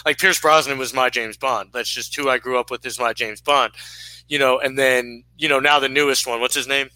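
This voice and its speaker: A man's voice: medium pitch, fairly even intonation, brisk, bright, forceful tone, no room sound, rough recording. A man in his thirties, co-hosting a casual sports podcast, who rambles with lots of fillers and restarts. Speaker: podcast co-host.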